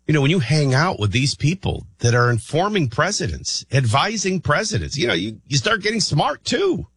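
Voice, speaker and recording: A man hosting a morning talk radio show, rambling and thinking out loud with many restarts. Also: a little high, sing-song, normal speed, slightly rough, no echo.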